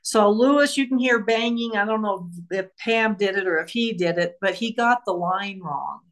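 A woman's voice: mid-range voice, normal speed. A woman author, a guest on an interview show, retelling a true crime case and acting out the voices of the people involved.

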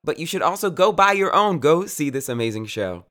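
A man's voice: on the high side, big pitch swings, a little fast, fairly bright tone. A man hosting a podcast, bubbly and playful as he opens the show. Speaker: podcast host. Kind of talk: podcast intro and chat.

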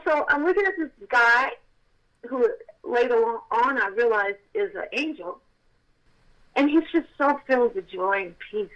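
An older woman, a guest on an interview show, telling a story in an animated, emphatic way that swings up to near-shouting exclamations. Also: a little high, moderate pace. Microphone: telephone. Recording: tinny phone line.

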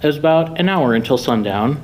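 A man reading his own short story aloud at a live reading, with wry, deadpan humor. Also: on the high side, brisk, a little hiss or hum, rough recording. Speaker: author reading own fiction.

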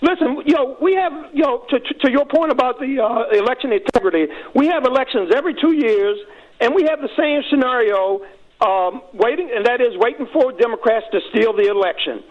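Fired-up high-voiced male caller on a phone line. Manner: rushed, fired-up, repetitive restarts. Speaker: radio show caller. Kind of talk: phoned-in call to talk radio.

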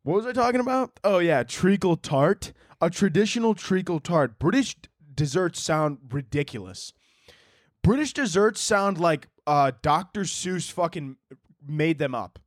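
A man's voice: on the high side, big pitch swings, normal speed, no room sound, clean studio sound. A man hosting a solo comedy podcast, rambling crudely and joking with frequent restarts. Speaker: podcast host.

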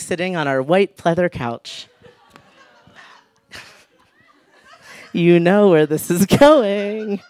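A man's voice: high voice, clean tone, no echo. A man telling a humorous personal story on stage, laughing often and acting out the people he quotes. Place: live stage show.

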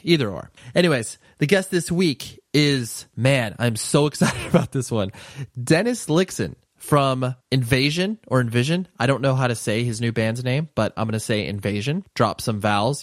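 A man's voice: mid-range voice, no room sound, studio quality. A man with a stuffy, congested voice from a cold, hosting a podcast in an enthusiastic, rambling and self-deprecating casual chat. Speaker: podcast host.

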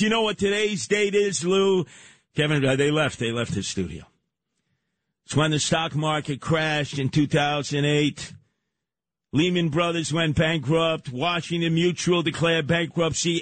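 A man hosting a radio talk show, ranting loudly and in mock confrontation, repeating his questions. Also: fairly high pitch, no echo. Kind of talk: on-air radio rant. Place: radio studio.

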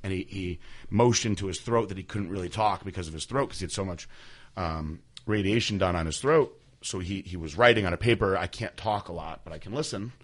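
Young guy on a podcast telling a personal story, kinda halting, lots of ums, lowish voice. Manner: candid, halting, many fillers and restarts. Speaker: podcast host.

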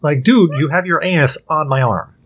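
A man's voice: on the high side, moderate pace, husky. A man voicing an indignant, pampered male house cat who complains in a whiny, put-upon way.

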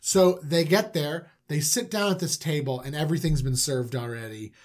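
A man retelling a story in a loose, comedic, conversational way. His voice sits a bit high, and he keeps it animated with quick jokes and asides.

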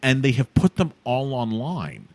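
A man's voice: mid-range voice, very animated, measured pace, darkish tone, no room sound. A man in casual chat as a podcast co-host, talking with enthusiastic emphasis.

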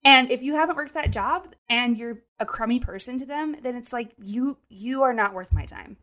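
A woman co-hosting a casual chat, telling a story in an animated way with lots of restarts. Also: on the high side, moderate pace. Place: New York City.

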